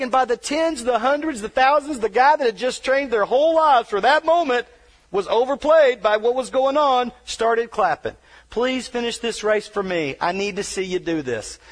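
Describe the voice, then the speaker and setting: A man giving a motivational speech, telling a story dramatically and joking about himself, dropping to a hush and then shouting. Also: very high voice. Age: adult wheelchair user, paralyzed from injury. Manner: self-deprecating humor. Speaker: motivational speaker.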